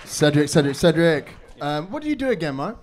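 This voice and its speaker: A man's voice: fairly high pitch, big pitch swings, fairly quick. A man hosting a comedy night, teasing and bantering with a comedian on stage. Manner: loud, bantering, teasing the act. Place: comedy club. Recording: crowd loud on the mic.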